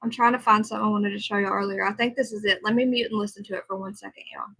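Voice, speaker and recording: Bright-voiced woman chatting on a livestream. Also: mid-range voice, fairly even intonation, racing, vocal fry, husky, poor audio. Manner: chatty, reads and answers viewer comments. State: tired. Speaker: livestream host. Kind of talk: casual livestream chat.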